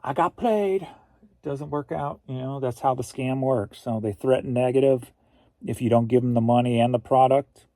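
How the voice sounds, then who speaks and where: A man's voice: medium pitch, level tone, moderate pace, warm tone, no room sound. A middle-aged man from Missouri hosting a casual livestream, rambling easily and reading viewer comments aloud. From Missouri, USA. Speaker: host.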